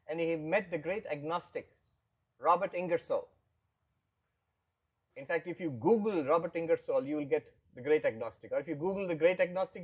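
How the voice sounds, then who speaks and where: A man's voice: high-pitched, slightly rough, rough recording. A monk giving a spiritual lecture. He explains patiently, repeats his points and acts out the voices he quotes. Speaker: monk teaching philosophy.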